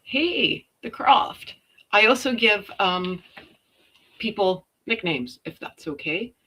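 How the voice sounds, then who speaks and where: A middle-aged woman from Canada hosting a casual livestream, loud and chatty with a slight stutter, reading out viewers' comments. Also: medium pitch, animated, slow pace, breathy edge. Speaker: livestream host.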